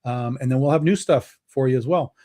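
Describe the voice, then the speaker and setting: Talking briskly in a mid-range voice, a man guesting on a video-call show discusses his comics company in casual conversation. As a comic book publisher, he comes across as relaxed, leaning heavily on fillers and frequently starting over.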